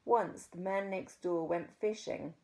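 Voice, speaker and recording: Expressive New Zealand woman storyteller. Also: on the low side. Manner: expressive, dramatic pauses. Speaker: children's story reader. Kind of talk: reading a children's book aloud.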